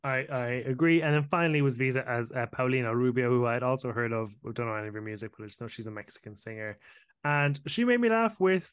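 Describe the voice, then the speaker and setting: A man's voice: mid-range voice, quick pace, clean tone. A man hosting a podcast in casual chat, giving dry, wry commentary. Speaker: podcast host.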